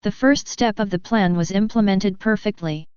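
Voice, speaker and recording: A woman reading a fanfiction audiobook in a steady storytelling manner. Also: mid-range voice, normal speed, clear, resonant tone, dry recording. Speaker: audiobook narrator. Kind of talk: scripted narration. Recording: dry, dull lo-fi recording.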